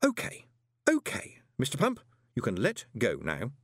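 A man's voice: medium pitch, huge pitch swings, unhurried, a bit bright, dry recording, clean studio sound, exaggerated voice. A man voicing a theatrical, easily panicked young male conman. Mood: wary. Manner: screaming, theatrical.

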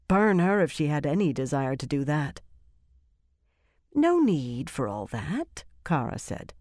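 Low-voiced woman narrating an audiobook. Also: darkish tone, no echo, studio quality. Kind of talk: scripted fantasy narration.

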